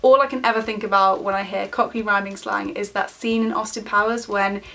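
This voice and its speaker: A young woman with a British accent talks straight to camera in a relaxed, giggly way. She fills her answers with casual fillers and rambling asides, chatting as if to a friend. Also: mid-range voice, brisk, vocal fry. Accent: British English. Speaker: vlogger. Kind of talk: casual chat answering a tag video.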